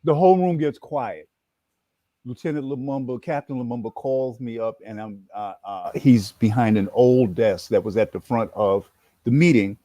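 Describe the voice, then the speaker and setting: A man in his sixties from New York, an animated storyteller who acts out his story as an interview guest. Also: mid-range voice, moderate pace, dry recording. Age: 60s. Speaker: guest, former activist and educator.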